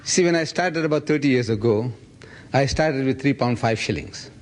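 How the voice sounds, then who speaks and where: Animated older man telling stories. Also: normal speed. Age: 70s. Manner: animated storytelling, acts out others' voices with big pitch jumps. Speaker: lecturer answering audience questions. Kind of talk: public lecture Q&A.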